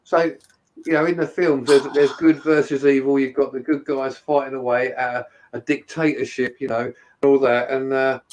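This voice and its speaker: A man's voice: mid-range voice, level tone, normal speed, darkish tone, rough recording. A man chatting casually, meandering and hesitant as he talks. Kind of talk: casual chat.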